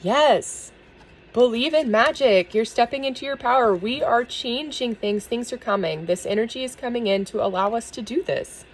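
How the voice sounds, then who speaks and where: A woman giving a spiritual tarot reading and talking earnestly to her viewers, soft and emotional, with small laughs. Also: on the high side, moderate pace, low-quality recording. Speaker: tarot reader.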